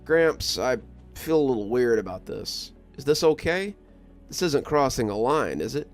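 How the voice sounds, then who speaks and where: A man's voice: mid-range voice, very animated, soft background music, lightly acted. A man as a hesitant young grandson. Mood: uneasy. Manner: hesitant, halting.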